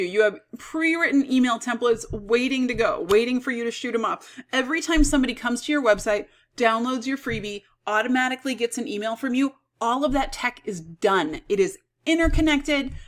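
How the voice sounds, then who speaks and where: Upbeat woman giving a sales pitch. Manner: upbeat, persuasive, self-aware salesy. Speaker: business coach.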